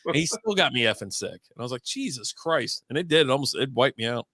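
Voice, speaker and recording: Still recovering from an illness, a man co-hosting a casual beer and sports stream tells rambling stories, swearing freely and laughing at his own tales. His mid-range voice is expressive and sharp, racing along on a dry recording.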